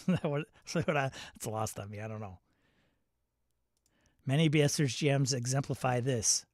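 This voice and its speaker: A man with a mid-range voice hosts a relaxed livestream, reading viewer comments aloud and laughing between them. His sound is dry and close. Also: mid-range voice, moderate pace, gravelly, no room sound. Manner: chatty, laughs often, reads out viewer comments. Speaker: host. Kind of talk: casual livestream chat.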